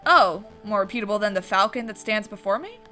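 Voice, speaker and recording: A woman's voice: medium pitch, expressive, fairly quick, sharp tone, soft background music. A woman voicing a suave fox detective. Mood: smooth. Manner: smooth, formal, courteous. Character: suave male fox private investigator.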